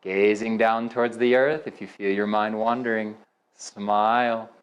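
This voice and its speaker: A man teaching a yoga class, giving slow, soothing cues with audible sighs and sometimes dropping to a soft whisper. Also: fairly low pitch, steady tone, clean tone. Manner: drops to a soft whisper for affirmations. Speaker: yoga instructor. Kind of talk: guided yoga class instruction.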